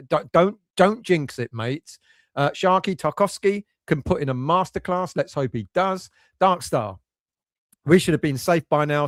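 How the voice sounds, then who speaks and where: A middle-aged man hosting a casual live stream, reading out chat and talking emotionally and excitably about his team's fate. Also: on the high side, no echo, studio quality. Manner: emotional, excitable, swings between nervous and resigned. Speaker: fan channel host reading chat.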